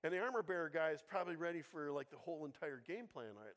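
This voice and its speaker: A pastor with a somewhat high voice preaches in a relaxed, chatty way. He keeps checking in with the congregation and slips in playful jokes as he goes. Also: fast, few pauses. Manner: conversational, keeps asking the congregation "right?"; humorous, playful asides. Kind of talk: sermon.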